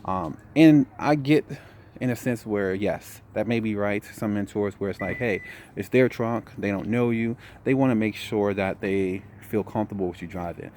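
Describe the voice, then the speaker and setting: Tired young guy telling his trucking story, lowish voice, bit of faint hiss behind. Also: moderate pace. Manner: relaxed storytelling, says "man" a lot. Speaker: trucking vlogger. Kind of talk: casual vlog update.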